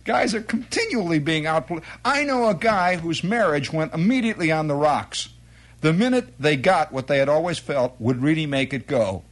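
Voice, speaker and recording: A middle-aged man spinning a long, rambling comic story, his voice sitting a little high for a man and swinging widely up and down as he jumps into quoted exclamations. Stand-up monologue delivery, loose and conversational. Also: expressive, normal speed. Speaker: comedian.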